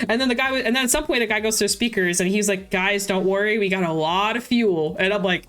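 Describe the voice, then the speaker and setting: A young woman streamer telling a story in a casual, animated way, laughing often and acting out quotes with lots of fillers. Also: medium pitch, normal speed, faint music behind. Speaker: card game streamer.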